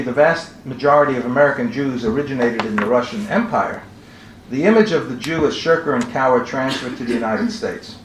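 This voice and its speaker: A man giving a measured academic lecture at a conference, reading out quotations as he goes. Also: medium pitch, slight background noise. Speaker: conference speaker. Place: conference hall. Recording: roomy hall with faint ambience.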